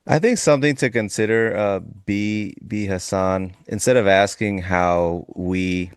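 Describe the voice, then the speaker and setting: Man, host of a trading stream; very low voice, dry close mic, blunt and joking. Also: measured pace, smooth, no echo. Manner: joking, blunt, reads out viewer comments. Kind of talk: casual panel chat.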